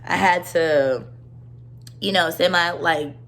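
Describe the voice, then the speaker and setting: This young vlogger's voice sits on the low side with a fairly bright tone, and she speaks slowly, with a slight hiss or hum underneath. Recording in her own home, she rambles earnestly through a personal story, leaning heavily on "like."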